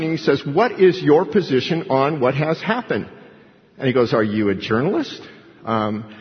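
Preaching man in an echoing hall. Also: on the high side. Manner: animated, acts out quoted voices. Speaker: pastor. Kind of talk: sermon. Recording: dull lo-fi recording with hall reverb.

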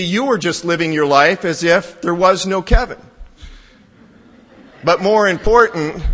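A man preaching a sermon in a conversational style, building to emphatic, higher-pitched peaks. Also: fairly bright tone, in a large hall. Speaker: pastor.

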